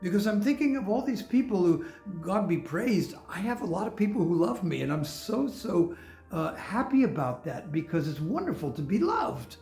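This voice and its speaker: Older man, pastor, gravelly voice, chatty sermon, roomy echo, faint music. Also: high-pitched, sing-song, normal speed, darkish tone. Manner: candid, chatty, laughs often, many restarts. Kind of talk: conversational sermon. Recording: echoey room with faint music.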